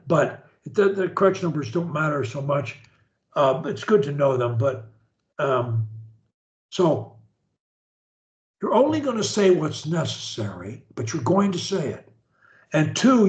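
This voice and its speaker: A man with a high, animated voice coaches a client through speech drills, spelling out instructions and slowing words down for him to copy. He speaks unhurriedly. The sound is roomy and a little dull. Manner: directive, models words slowly for repetition. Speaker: speech therapist.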